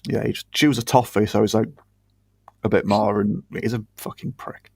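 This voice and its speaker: A man's voice: on the low side, steady tone, normal speed, gravelly, breathy edge, dry recording. A British man co-hosting a podcast, chatting casually in a blunt, sweary, sarcastic way. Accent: British English. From Britain. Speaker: podcast co-host. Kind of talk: casual chat.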